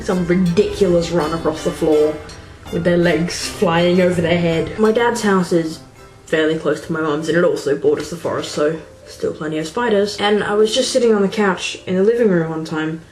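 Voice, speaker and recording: A woman vlogger telling personal stories in an animated, expressive way. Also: on the low side. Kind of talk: storytelling vlog. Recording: roomy echo with faint music.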